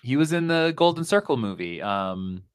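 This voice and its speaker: A man co-hosting a podcast, chatting about movies in a wry, animated way and laughing often. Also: medium pitch, moderate pace, clear, resonant tone. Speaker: podcast co-host. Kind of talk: casual movie chat.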